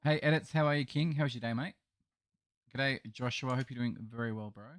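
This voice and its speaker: A man's voice: medium pitch, brisk, no room sound, soft background music. An Australian man live streaming a game, chatting casually and greeting his viewers as mate and bro. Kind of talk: casual chat reading live chat while gaming.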